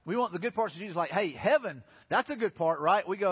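A male pastor races through his sermon, his slightly high voice husky and breathy at the edges. He's animated and casual, preaching conversationally with plenty of "hey, listen" and "you know", while a long church-hall reverb fills a dull, lo-fi recording.

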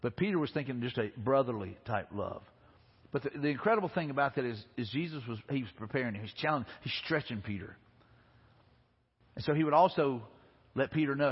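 A man's voice: medium pitch, expressive, fairly quick, slightly rough. A man pastor preaching a sermon, retelling scripture in a conversational way with frequent restarts. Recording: reverberant hall, dull lo-fi sound.

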